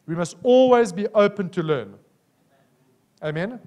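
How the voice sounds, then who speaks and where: A man's voice: high voice, measured pace. A man with a South African accent preaching a sermon, telling personal stories and often asking the congregation "Amen?". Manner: animated, personal storytelling with frequent "Amen?" calls.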